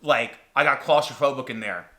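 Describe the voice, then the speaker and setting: A young man hosting a podcast, telling a story in an animated, casual way and acting out his own reactions dramatically. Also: mid-range voice, moderate pace. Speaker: podcast host.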